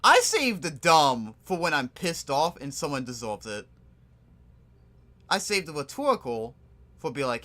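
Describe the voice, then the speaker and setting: A young man giving casual, excitable commentary while playing a game, swearing freely and rambling off on tangents. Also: a little high, normal speed. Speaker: gamer. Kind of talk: casual let's play commentary.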